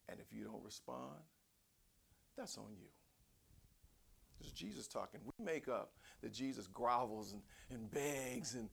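A man preaching with a gravelly, bright edge to his voice. His pitch leaps all over as he drops to quiet asides, then rises into shouted cries. He talks to the congregation in a folksy, conversational way. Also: lively intonation, normal speed, long pauses. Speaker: pastor. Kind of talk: sermon.

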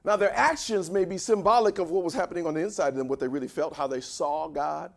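A male pastor preaching a sermon, who swings from quiet asides to shouted, drawn-out lines and leads the congregation in reading scripture aloud. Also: fairly high pitch, gravelly.

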